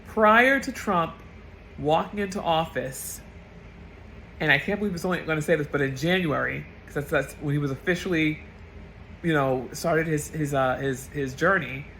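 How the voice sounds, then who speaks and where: A woman's voice: deep voice, normal speed, fairly bright tone, a little hiss or hum, rough recording. A woman getting over a cold delivers an impassioned political rant as a vlogger, blunt, profane and emotional.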